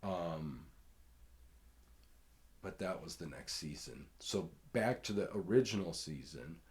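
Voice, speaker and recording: A man hosting a podcast, telling rambling, profane stories in casual talk and loudly acting out what others said. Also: low voice, expressive, slow pace. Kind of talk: casual storytelling.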